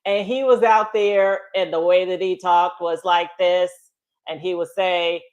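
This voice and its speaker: Animated middle-aged woman telling stories. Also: medium pitch, measured pace, muffled recording. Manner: animated, laughs often, acts out quotes. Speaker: guest storyteller. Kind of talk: casual storytelling chat.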